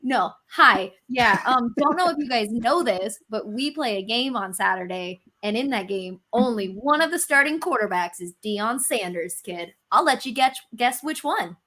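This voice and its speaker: A woman with a high, bright voice co-hosts a casual sports podcast. She teases her co-hosts playfully. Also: expressive, moderate pace, hardly any pauses. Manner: playful, teasing. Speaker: podcast co-host.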